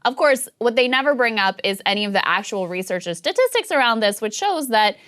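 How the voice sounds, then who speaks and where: A woman's voice: a little high, fairly quick. Wry woman political commentary host. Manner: wry, critical, animated. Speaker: podcast host.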